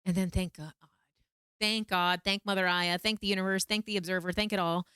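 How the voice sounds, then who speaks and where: A woman vlogger telling a personal story in a casual, animated way, acting out her own pleading lines in a higher voice. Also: a little fast, clear, resonant tone, no echo, studio quality. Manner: animated, quotes herself in pleading high voice.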